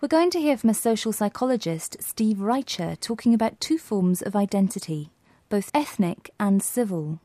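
A woman with a mellow, warm tone hosts a scripted lesson, asking quiz questions and explaining terms clearly. The recording is dry and close. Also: medium pitch, animated, normal speed, no echo. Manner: clear, quizzing. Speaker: co-presenter. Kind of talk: scripted educational podcast.

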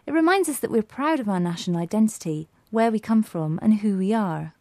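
A woman with a mellow, warm tone hosts a scripted lesson, asking quiz questions and explaining terms clearly. The recording is dry and close. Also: mid-range voice, lively intonation, a little fast, no echo. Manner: clear, quizzing. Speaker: co-presenter. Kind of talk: scripted educational podcast.

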